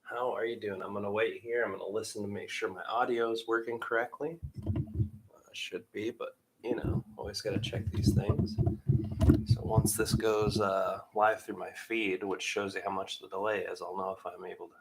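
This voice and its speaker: A man's voice: fairly low pitch, fairly even intonation, normal speed, very noisy. A man in his thirties from Michigan hosting a casual live stream, chatting and greeting viewers by name in an upbeat way.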